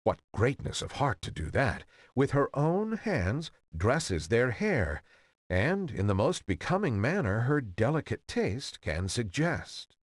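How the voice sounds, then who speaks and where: A man narrating an old fairy tale in an expressive, old-fashioned reading style. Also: medium pitch, takes it slowly, no echo, clean studio sound. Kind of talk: storybook reading.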